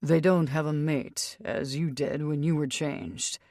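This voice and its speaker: A woman voicing a gruff male werewolf in an audiobook, speaking curtly and matter-of-factly in a low voice. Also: fairly even intonation, a little slow, warm tone, dry recording, studio quality. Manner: curt and matter-of-fact. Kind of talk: audiobook character reading.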